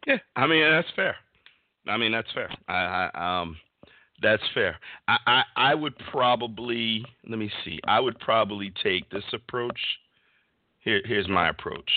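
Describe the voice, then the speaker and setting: A man hosting a casual sports talk show, telling stories in an animated way with many restarts. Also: lowish voice, a little slow, no room sound. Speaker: podcast host. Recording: dry, phone-like line.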